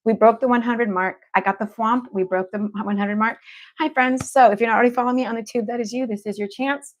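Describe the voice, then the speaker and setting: A woman's voice: fairly high pitch, steady tone, fast talker. A woman, an evidential medium, chatting casually and effusively with viewers as she hosts a livestream. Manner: effusive and upbeat, repeats affection to the audience.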